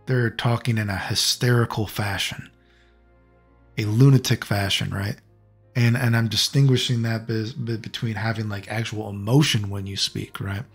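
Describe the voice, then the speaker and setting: A man's voice: lowish voice, slightly rough. A man hosting his own video channel, ranting bluntly and profanely in a casual style, with lots of restarts. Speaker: channel host.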